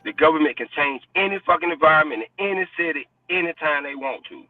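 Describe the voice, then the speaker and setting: A man's voice: on the high side, animated, quick pace, no room sound. Blunt, profane man arguing hard. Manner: blunt and profane, insistent, repeats himself. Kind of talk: heated casual debate. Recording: distant, dry, phone-like sound.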